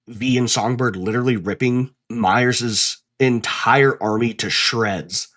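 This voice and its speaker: A man's voice: fairly low pitch, fairly bright tone. A man hosting a casual commentary video essay, talking bluntly and swearing freely.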